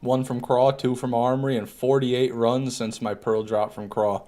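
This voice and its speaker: A man's voice: medium pitch, little pitch movement, moderate pace, mellow. A man streaming a video game live, chatting casually, joking and answering his chat as he plays. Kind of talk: live gameplay commentary.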